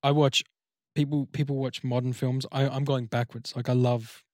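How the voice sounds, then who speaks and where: A man hosting a casual chat, relaxed and eager, prompting his guest with questions. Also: medium pitch, normal speed, no room sound, clean studio sound.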